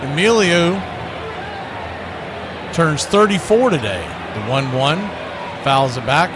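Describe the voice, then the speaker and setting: Man, baseball play-by-play announcer, higher voice, steady pitch-by-pitch calls, noisy background. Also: takes it slowly, a crowd in the background. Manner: steady pitch-by-pitch calling, rising excitement on big plays.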